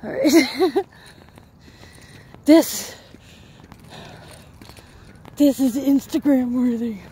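A woman's voice: high voice, very slow, dark tone, slight background noise. A woman vlogging as she hikes up a park hill, out of breath and chatty, poking fun at herself as she talks to the camera. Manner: chatty, self-mocking, talks to camera while hiking uphill. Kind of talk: casual walking vlog.

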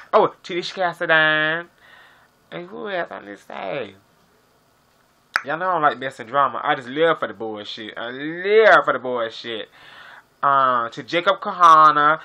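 A sassy, foul-mouthed man rambles through a gossip vlog and fires off shout-outs. His voice sits a little high and sounds very bright and sharp. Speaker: gossip vlogger.

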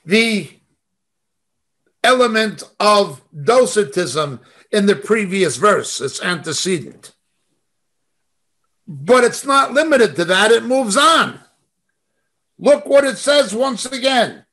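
A man's voice: extremely high pitch, fairly bright tone. A middle-aged man teaching a Bible study over a video call. He reads scripture verses aloud and follows them with emphatic comments.

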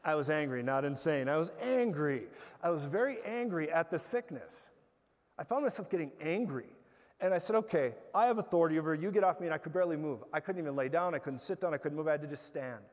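Guy preaching in a big hall, pretty high voice, long echo, animated storytelling. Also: fairly quick. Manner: animated storytelling with bursts of loud laughter. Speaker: guest preacher. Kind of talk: sermon. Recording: hall reverb.

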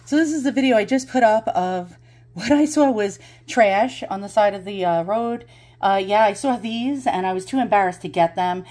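A woman's voice: medium pitch, normal speed, a little mellow, no room sound. A woman vlogging casually while out of breath, rambling, laughing and swearing freely. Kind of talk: casual home vlog.

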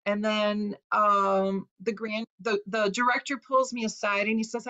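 A woman from Chicago, an author giving a talk, recounting a personal story in an earnest, emotional way with hesitant pauses. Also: medium pitch, flat delivery, bright, forceful tone, muffled recording. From Chicago, USA.

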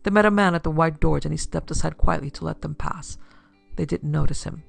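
Gravelly woman reading pulp crime. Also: sits low, a little fast, soft background music. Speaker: narrator and producer. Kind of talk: scripted narration of pulp fiction.

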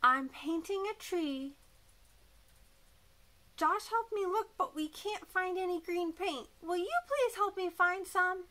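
Woman doing a shy young girl, high, slow, bright tone, timid, polite, children's lesson. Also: exaggerated voice. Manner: timid and worried, then politely asking.

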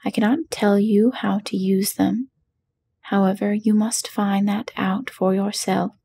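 A woman's voice: medium pitch, steady tone, a little slow, creaky, warm tone, husky. A woman voicing a humbled little man posing as a wizard, in whispered role-play with a meek, apologetic manner.

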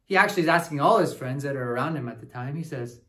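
A man's voice: medium pitch, fast, natural voice. A man playing a goofy, upbeat traveling cousin who teaches a children's Bible lesson in character. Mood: cheerful. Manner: animated, talks straight to kids with frequent "right?".

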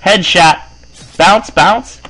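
Man, young adult, let's play commentary, excitable, high yelps, fairly high voice. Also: very slow, poor audio. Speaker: gameplay commentator.

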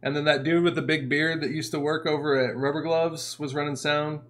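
A man's voice: a little high, brisk. A man casually telling a rowdy story on a podcast, swearing freely and laughing as he goes. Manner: profane, laughing, animated storyteller. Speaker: podcast co-host, punk musician.

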